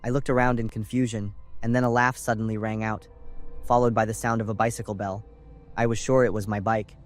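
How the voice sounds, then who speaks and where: A young man from California calmly narrating a scripted first-person horror story. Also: fairly low pitch, brisk. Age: young adult. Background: faint music.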